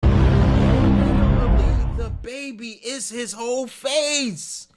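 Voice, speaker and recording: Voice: mid-range voice, big pitch swings, measured pace, over loud music. A co-host reacting to a clip in a scolding, incredulous way. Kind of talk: casual reaction chat.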